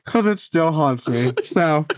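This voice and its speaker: Blunt, animated man. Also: fairly high pitch, slow pace, dry recording, studio quality. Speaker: podcast co-host. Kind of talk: casual podcast chat.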